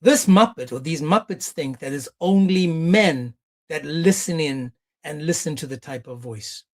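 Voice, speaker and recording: A man hosting a live reaction stream, animated and mocking, with exclamations. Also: a little high, measured pace.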